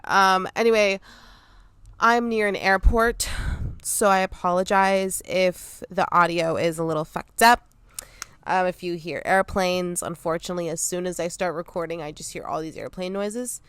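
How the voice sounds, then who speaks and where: A young woman hosting a casual solo podcast outdoors, chatty and quick to laugh, with frequent ums. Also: on the low side, steady tone, a bit bright, smooth, dry recording, clean studio sound. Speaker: podcast host. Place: outdoors near an airport, under trees.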